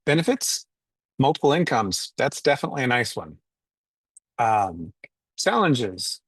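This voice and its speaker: A man in casual group chat, laying out points in a relaxed way with ums and a laugh. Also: medium pitch, measured pace, slightly rough, dry recording. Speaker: panel guest.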